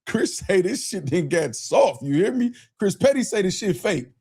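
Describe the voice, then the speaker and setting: A man hosting a casual livestream, excitable and profane, shouting out chat and repeating himself. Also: sits high, normal speed, slightly rough, soft background music. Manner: profane, laughing. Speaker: livestream host.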